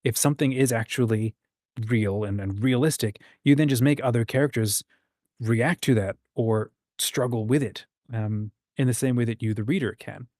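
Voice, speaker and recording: Man, host, casual writing chat, mid-pitched voice, dry close sound, fillers and restarts. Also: normal speed, a little mellow, no room sound. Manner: reads out chat comments, frequent ums and restarts.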